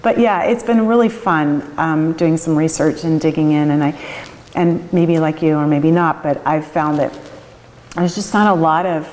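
Middle-aged woman, emotional and halting. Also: sits low, darkish tone, long reverb tail, rough recording. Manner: emotional, chokes up, laughs often; halting, restarts sentences. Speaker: interviewee, winery owner. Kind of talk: oral history interview.

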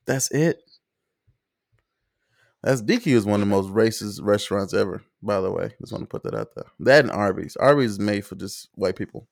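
A man's voice: lowish voice, normal speed, creaky, no echo, studio quality. A man hosting a podcast in casual chat, crude and laughing as he tells stories. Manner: crude, laughing, animated storytelling. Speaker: podcast host.

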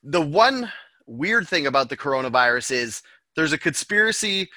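Give me a joking podcast co-host man with a bright, dry voice. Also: a little high, very animated, normal speed, no room sound. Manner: rambling, loose and joking. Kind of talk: casual chat.

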